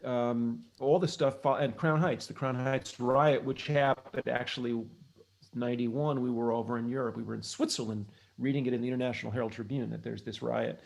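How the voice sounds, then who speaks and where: A man's voice: medium pitch, fairly even intonation, a little fast, vocal fry, a little mellow. A middle-aged man from the United States, a guest on an interview show, telling long reflective stories with many restarts. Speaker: interview guest, blues harmonica player and author. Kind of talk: casual interview storytelling.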